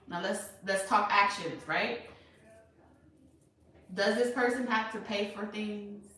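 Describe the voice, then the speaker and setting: A woman's voice: mid-range voice, a bit bright, a little hiss or hum. A woman giving a casual tarot reading to her viewers, talking emphatically and bluntly with lots of rhetorical questions. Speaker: tarot reader. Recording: echoey room, far from mic.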